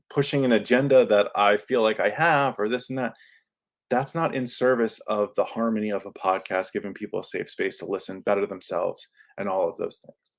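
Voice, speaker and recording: A man hosting a podcast, talking casually in a lively monologue and acting out quoted lines in his own voice. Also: fairly low pitch, normal speed, gravelly. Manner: animated, acts out quoted lines; self-described yelling into a microphone. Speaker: podcast host. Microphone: studio microphone.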